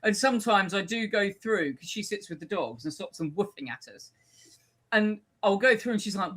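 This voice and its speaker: A woman's voice: mid-range voice, expressive, moderate pace, fairly bright tone, husky. A woman co-hosting a casual podcast from her home office, playful and full of rambling asides. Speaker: podcast co-host.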